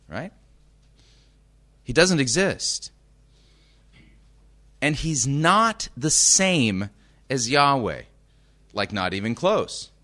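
A man from the United States preaching a sermon, reading scripture slowly and emphatically and checking in with his listeners. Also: medium pitch, pushed and bright.

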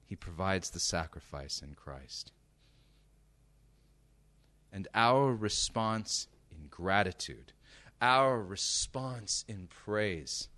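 A man's voice: deep voice, sharp tone. A man preaching a sermon, emphatic and direct, often asking his listeners rhetorical questions.

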